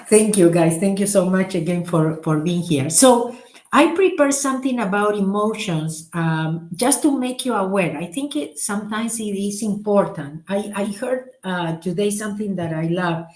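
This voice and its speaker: A middle-aged woman, a spiritual teacher leading a recited prayer and chatting casually, soft-spoken and laughing at her own slips. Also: lowish voice, unhurried. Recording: echoey room.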